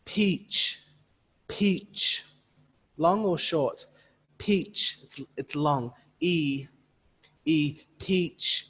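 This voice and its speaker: A man leading an online teacher training, patiently modelling words slowly and repeating them for his audience over a video call. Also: on the high side, fairly bright tone, husky, in a large hall, muffled recording. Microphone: computer mic on a video call.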